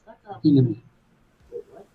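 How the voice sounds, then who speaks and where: A young man streaming a game, bantering with a co-host in an exasperated, bossy way. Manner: exasperated, bossy, quick to snap. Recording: slightly dull, lo-fi mic.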